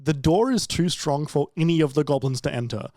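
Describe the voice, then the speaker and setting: A man's voice: on the high side, lively intonation, brisk, a little mellow, no echo, studio quality. A man guesting on a podcast in casual chat, telling rambling, laugh-filled stories with stammers and restarts.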